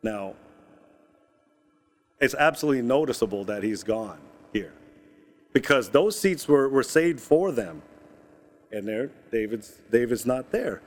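A man's voice: medium pitch, animated, measured pace, pauses often. A man preaching a sermon, reading scripture and explaining it in a casual, conversational way with asides and jokes. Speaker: pastor.

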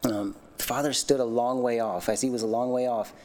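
A man giving a personal testimony in a sermon, earnest and animated, telling his story with many restarts and self-conscious laughs. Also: mid-range voice, brisk. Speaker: lay speaker giving a testimony.

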